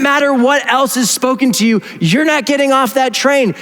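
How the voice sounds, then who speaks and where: A man's voice: extremely high pitch, animated, brisk, few pauses, fairly bright tone, long reverb tail. A male pastor preaching a sermon in a casual, conversational way, acting out imagined inner voices. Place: church.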